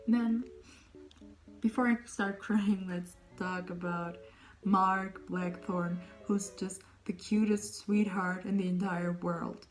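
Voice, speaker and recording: A young woman chatting casually about books on her vlog, gushing and rambling, often dropping into breathy whispered asides. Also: medium pitch, steady tone, takes it slowly, soft background music, low-quality recording. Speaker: book vlogger. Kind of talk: casual book talk.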